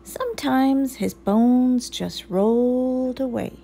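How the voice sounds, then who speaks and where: A woman reading a children's picture book aloud in a slow, gentle storytelling manner. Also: sits high, vocal fry, soft background music, poor audio.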